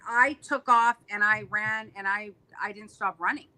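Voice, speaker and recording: Bright, dramatic woman storyteller. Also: medium pitch, steady tone, moderate pace, low-quality recording. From Canada. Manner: dramatic, emphatic. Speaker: paranormal investigator, guest. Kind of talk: casual storytelling.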